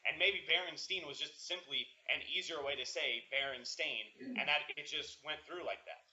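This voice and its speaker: A man's voice: on the high side, normal speed, bright, forceful tone, dull audio. A man co-hosting a podcast in casual chat, reasoning his point out aloud. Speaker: podcast co-host.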